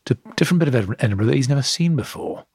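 Deadpan man with dry quips. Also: mid-range voice, rapid-fire, slightly rough, no echo. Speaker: podcast co-host. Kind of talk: casual chat.

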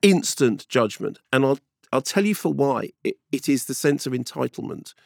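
A middle-aged man from England in casual chat, telling stories in an animated, emphatic, loud way. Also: medium pitch, moderate pace, gravelly, no room sound, clean studio sound. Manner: animated, emphatic storyteller who talks loudly.

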